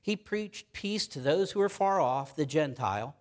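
A man's voice: a little high, animated. Emphatic man preaching a sermon. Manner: emphatic, repeats key phrases, reads scripture slowly. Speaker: pastor.

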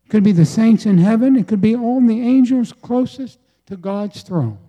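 Slow, deliberate preacher man. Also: sits high, lively intonation, dark tone. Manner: slow, deliberate, with emphatic pauses and repetition. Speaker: pastor. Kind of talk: sermon.

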